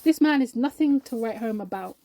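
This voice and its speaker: A woman's voice: a little high, animated, fairly quick, mellow, no echo, lightly acted. Enoch: a woman doing a self-important scholar. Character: bookish, self-important male scripture scholar. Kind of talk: storybook character voice.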